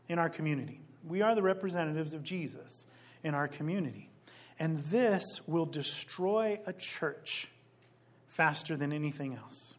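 Male pastor, sermon delivery, slightly high voice, emphatic, slows hard on key phrases. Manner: rises loud on quoted scripture.

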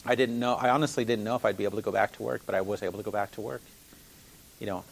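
A man's voice: lowish voice, fairly even intonation, racing, gravelly, low-quality recording. A man telling a personal faith testimony in an earnest, rambling way, full of fillers and restarts.

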